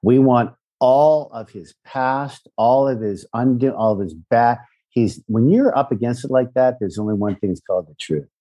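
A man's voice: mid-range voice, normal speed, hardly any pauses, warm tone, dull audio. A man co-hosting a casual podcast chat about a TV show he acted in, profane and jokey. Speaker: podcast co-host, former cast member.

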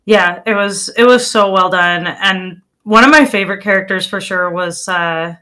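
Bright-voiced woman chatting about movies. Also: mid-range voice, normal speed. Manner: animated, laughs often, loses track of names. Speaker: podcast co-host. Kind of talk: casual movie review chat.

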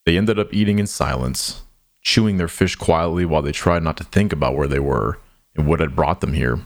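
A deep, low male voice narrates an audio drama. The delivery is unhurried and somber, with each line given its time.

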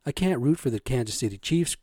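Profane ranting man, dark voice. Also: medium pitch, lively intonation, a little fast, no echo, clean studio sound. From Native American. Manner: profane, agitated, keeps asking "right?". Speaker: vlogger. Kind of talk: casual rant to camera.

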